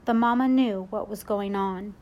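A woman's voice: mid-range voice, moderate pace, muffled recording, natural voice. A woman voicing a firm, scolding babysitter. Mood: regretful. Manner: scolding, firm, God-fearing. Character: stern but caring grown woman babysitter.

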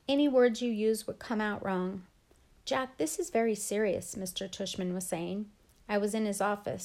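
A woman reads a novel aloud in a steady, clear storytelling way. Her voice sits at an ordinary middle pitch for a woman. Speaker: book reader.

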